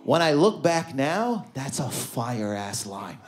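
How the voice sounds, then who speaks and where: A male stand-up comic with a Canadian accent performs in a comedy club, animatedly spinning stories and voicing their characters himself. He has a mid-range voice, takes things slowly, and there's noise in the background.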